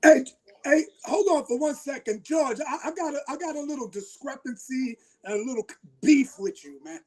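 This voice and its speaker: Man, very high voice, teasing co-host, playful banter. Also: normal speed, low-quality recording. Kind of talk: casual show chat.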